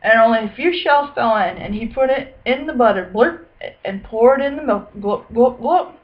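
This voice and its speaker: A woman's voice: on the high side, normal speed. Young woman teaching a class, dull recording. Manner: clear, teacherly. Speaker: student teacher. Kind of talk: picture-book read-aloud and lesson.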